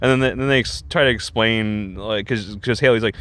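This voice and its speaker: A man's voice: fairly low pitch, brisk, hardly any pauses, fairly bright tone. A man ranting in reaction commentary, rambling and exasperated, with many restarts and fillers. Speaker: vlogger.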